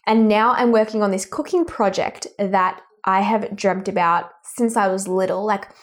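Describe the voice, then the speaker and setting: A woman's voice: medium pitch, normal speed. A young woman with an Australian accent, a podcast guest in casual chat, bubbly and laughing often. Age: young adult.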